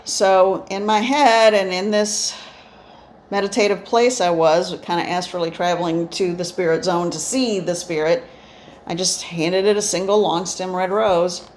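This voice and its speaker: A lowish-voiced woman who works as a spiritual medium talks at a measured pace about her experiences, often with eyes closed, indoors. Her instructional storytelling wanders reflectively with many restarts, and a little hiss or hum sits in the recording.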